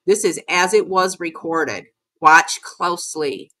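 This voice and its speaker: A middle-aged woman, a video creator, narrates her own footage in a casual vlog with a fairly low, bright, forceful voice at a slow pace. She rambles emphatically and curses often.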